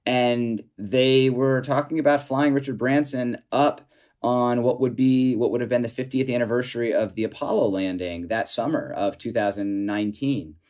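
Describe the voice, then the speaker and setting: Halting, storytelling man with an ordinary-pitched voice. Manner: halting, many restarts and fillers; animated, chuckling while telling anecdotes. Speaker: author and guest. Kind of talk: storytelling interview answer.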